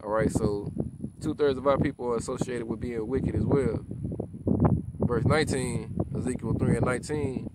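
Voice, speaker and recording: A man's voice: medium pitch, fairly even intonation, normal speed. A man in the middle of his range preaches outdoors, filming himself. Heavy wind noise blasts across the mic from the rural spot around him. He moves between reading formal scripture and pressing each point home with "all right?" and "you know what I'm saying?". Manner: reads scripture in old formal wording. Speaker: street preacher. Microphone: self-filmed camera.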